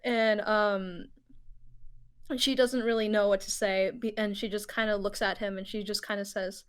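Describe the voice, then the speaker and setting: A woman playing a tabletop role-playing game, narrating her character in a soft, hesitant way with many pauses and small giggles. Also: mid-range voice, fairly even intonation, smooth. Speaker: player.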